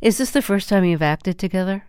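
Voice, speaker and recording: A woman radio interviewer narrating a measured, clear introduction before a conversation with her guest. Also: mid-range voice, darkish tone, no room sound, clean studio sound.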